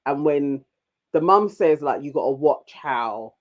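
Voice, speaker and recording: A British woman co-hosting a casual TV recap chat, animated and quick to mimic people in mocking voices. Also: sits low, lo-fi sound. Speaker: co-host.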